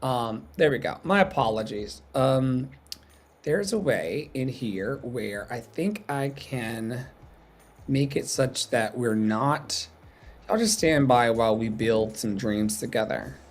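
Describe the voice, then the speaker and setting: A man's voice: mid-range voice, slow pace. A man hosting a casual livestream chat, playful and joking as he reads from his notes. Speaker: podcast host.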